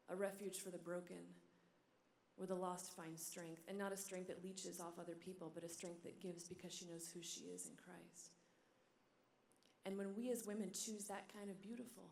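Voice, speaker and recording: Animated woman preaching in an echoey hall. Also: lowish voice, creaky, a little hiss or hum. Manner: animated storytelling, drops to a near whisper in tender moments. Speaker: religious sister and conference speaker. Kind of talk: sermon. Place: large hall.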